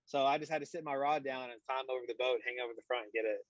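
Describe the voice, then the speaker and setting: Racing along at a medium pitch, the young man joins a stream as a guest for a rambling, casual chat full of "like," "you know," and dry humor. His remote audio is a bit muffled and carries no room sound.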